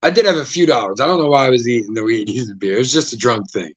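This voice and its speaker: A man hosting a podcast, telling stories in a casual, profane, animated way and acting out the voices of the people in them. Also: medium pitch, racing. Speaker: podcast host. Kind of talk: casual storytelling chat.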